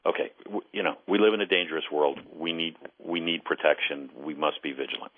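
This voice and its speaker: A man, a former intelligence case officer, speaking as a guest on a call-in radio interview. He is earnest and deliberate and often repeats words as he starts a thought. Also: very deep voice. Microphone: telephone. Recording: phone line.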